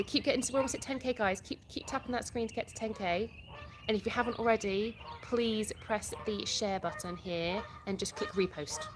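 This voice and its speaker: A woman's voice: fairly high pitch, noisy background. Chatty English woman hosting a live stream. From England. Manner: reads viewer comments aloud and answers them, chatty with restarts. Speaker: livestream host. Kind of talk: casual live-stream chat.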